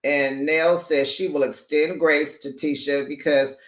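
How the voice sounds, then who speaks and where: A reality show recap host in casual chat, sassy and animated, who laughs often and calls listeners honey and baby. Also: mid-range voice, unhurried, reverberant.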